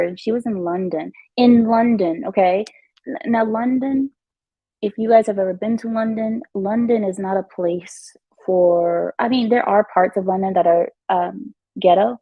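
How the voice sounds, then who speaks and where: A woman with a husky, breathy voice gives chatty, emphatic commentary for her vlog. She speaks at an ordinary mid pitch, and the sound is dry and close. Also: dark tone, dry recording, rough recording. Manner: chatty, emphatic, repeats herself, laughs often. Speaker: vlogger. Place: at home in her new house.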